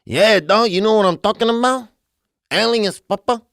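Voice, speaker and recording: A man putting on an excitable young guy who keeps calling people "dog" while raving about aliens. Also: normal speed, gravelly, dry recording, clean studio sound. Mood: hyped. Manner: high, eager, repeats "dog".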